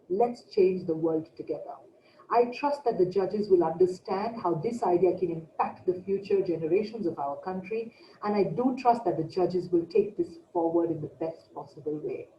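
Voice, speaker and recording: A woman runs an online presentation workshop, counting off tips and asking questions she answers herself. Her voice comes through a lo-fi call mic in an echoey room with a faint hiss. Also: medium pitch. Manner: emphatic, enumerating points, asks rhetorical questions. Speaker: workshop trainer. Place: home, online video session. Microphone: computer mic on a video call. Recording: dull, roomy video call audio.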